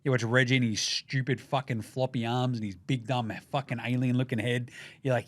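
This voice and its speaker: Profane Australian sports podcast host. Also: male voice, mid-range voice, brisk, no room sound. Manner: profane, jokey, animated. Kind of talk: casual sports commentary.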